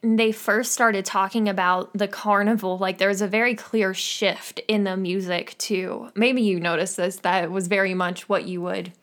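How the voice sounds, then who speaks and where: A woman's voice: medium pitch, flat delivery, moderate pace, few pauses, fairly bright tone. A young adult woman co-hosting a podcast in casual chat, hesitant and giggly with many fillers. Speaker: podcast co-host.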